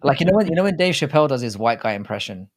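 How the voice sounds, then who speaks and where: A man's voice: mid-range voice, very animated, very fast. An English man co-hosting a casual live stream, talking in a rambling, chatty way and often restarting his sentences. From England. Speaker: co-host.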